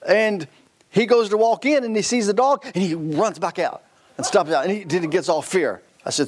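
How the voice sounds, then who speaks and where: A man's voice: high-pitched, moderate pace. A man in his fifties, a guest preacher telling a story in a sermon, laughing often and restarting his sentences. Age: 50s.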